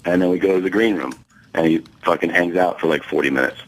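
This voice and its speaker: A deep-voiced male comedian talks fast on a talk show, where he's a guest telling a profane anecdote. He's animated, acting out the quoted dialogue and laughing partway through, though the audio quality is poor.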